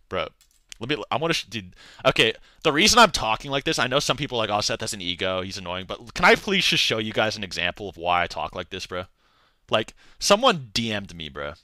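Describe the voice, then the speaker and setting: A young man talks in a loose, rambling way on a live stream, piling on filler words and slang. His voice is bright and forward. The sound is dry and close, with almost no room around it. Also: on the low side, big pitch swings, a little fast, no echo. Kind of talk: casual livestream rant.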